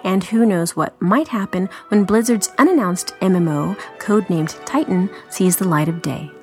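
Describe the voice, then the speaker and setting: A woman podcast co-host reading a news article aloud, steady with joking asides. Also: mid-range voice, moderate pace, loud music behind the voice.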